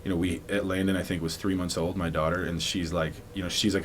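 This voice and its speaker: Guest spot: young man, very low voice, loose rambling delivery full of likes and restarts, light hiss behind. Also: level tone, fast, few pauses. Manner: rambling, many likes and restarts, laughs often. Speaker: podcast guest, former football player. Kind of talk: casual storytelling interview.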